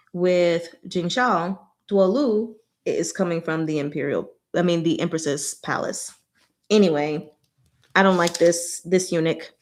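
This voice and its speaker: A woman hosting a casual book discussion, animated and exclaiming, often breaking into laughter. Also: lowish voice. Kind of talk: casual chat.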